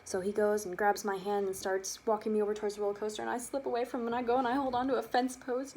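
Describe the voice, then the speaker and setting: A young adult woman telling a personal childhood story, lively and animated, acting out the quotes. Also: a little high, fast, few pauses, a little hiss or hum. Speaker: student storyteller.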